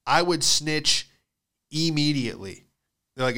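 A man's voice: mid-range voice, normal speed, sharp tone, clear, resonant tone. A young man giving a profane, rambling comedic monologue as a podcast host, acting out the voices of people in his stories.

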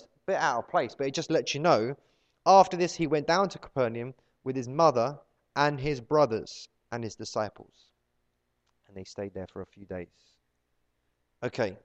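A man gives a conversational sermon, slipping into small acted-out scenes from everyday life. His voice sits a little high for a man. The recording is dull and lo-fi. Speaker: preacher. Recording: dull lo-fi sound.

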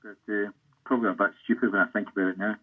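Husky Scottish old footballer on a tinny line. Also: male voice, lowish voice, steady tone, racing. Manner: rambling anecdotal, self-interrupting. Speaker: former footballer guest. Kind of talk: storytelling interview.

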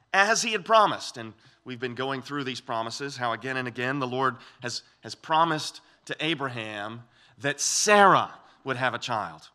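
A man preaching a sermon as pastor, reading scripture and then teaching, with expressive, lively voiced quotes. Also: mid-range voice.

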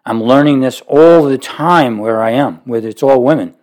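A man preaching a sermon, speaking emphatically with sudden rises and low drops. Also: normal speed. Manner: emphatic, rising to forceful peaks then dropping low.

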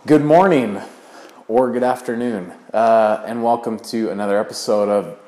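Man, host, casual interview, lowish voice, roomy echo. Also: moderate pace, dark tone, soft background music. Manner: easygoing, frequent fillers. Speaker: podcast host.

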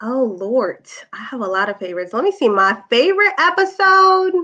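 A woman guest talking about her podcast in a relaxed, slang-heavy way. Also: fairly high pitch, moderate pace. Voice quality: laid-back slangy talker. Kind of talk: casual interview chat. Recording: dull lo-fi remote audio.

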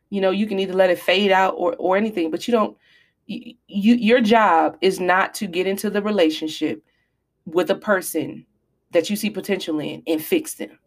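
Preachy woman podcaster, casual speech. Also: mid-range voice. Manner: animated, preachy, apologizing in mock fashion. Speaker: podcast host. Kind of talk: casual advice talk.

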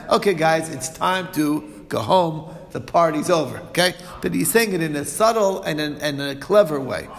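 A man leads an informal religious study lesson, stumbling through fillers and restarts as he explains. His voice is somewhat high with a gravelly edge. The sound carries a long reverb, as in a large hall. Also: fairly bright tone. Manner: halting, many fillers and restarts, chuckles at own examples. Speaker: Talmud teacher.

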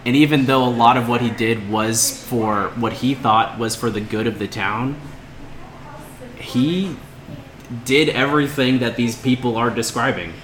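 A man's voice: mid-range voice, a bit bright. A young man running a tabletop game as game master, narrating casually with fillers and restarts. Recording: roomy room with crowd chatter.

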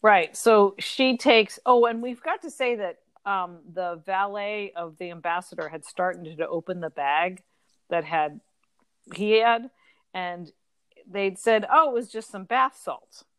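A woman's voice: mid-range voice, slow pace, smooth, no echo. Young woman, co-host, casual book talk, chatty, dry close sound. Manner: chatty, animated, lots of fillers. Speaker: podcast co-host.

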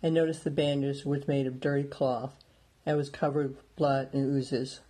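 A man narrating a story in a steady, plain reading voice. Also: medium pitch, normal speed. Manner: plain steady reading, small lifts for dialogue. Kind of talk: audiobook narration.

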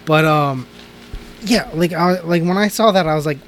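A man's voice: on the high side, moderate pace, fairly bright tone. A man co-hosting a casual movie podcast, rambling and restarting his sentences and laughing often. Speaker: podcast co-host. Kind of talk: casual movie review chat.

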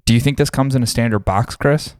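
A man's voice: medium pitch, brisk, smooth, dry recording, studio quality. A man co-hosting a podcast, heatedly ranting with lots of swearing in a casual talk style. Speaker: podcast co-host.

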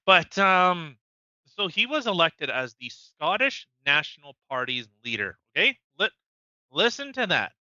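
A man's voice: fairly high pitch, big pitch swings, measured pace, pushed and bright, no echo, muffled recording. A man co-hosting a casual podcast, crude and joking, laughing often. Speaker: podcast co-host.

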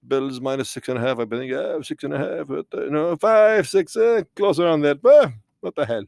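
Casting: man playing a drunk, rambling vampire count, a bit lower than the host voice, dry close sound. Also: animated, moderate pace, gravelly, a little mellow, no room sound. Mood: tipsy. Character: tipsy male vampire count picking football bets.

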